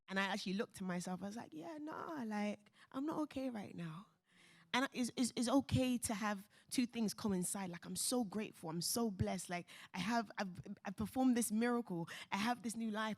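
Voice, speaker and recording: A woman with a mid-range voice tells a personal story on a conference panel. She is animated, laughs often and acts out the voices of the people she quotes. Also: mid-range voice. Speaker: panel speaker.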